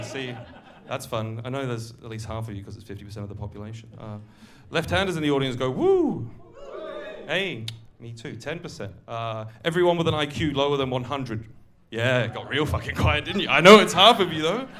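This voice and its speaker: A man's voice: medium pitch, brisk, few pauses, fairly bright tone. Man, stand-up comic, conversational crowd work, club stage, mid voice. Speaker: stand-up comedian. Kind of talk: stand-up comedy set.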